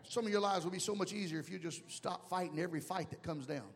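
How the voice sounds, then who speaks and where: A man pastor preaching a sermon with humor, sometimes shouting at the peaks. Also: sits high, fast, vocal fry, long reverb tail.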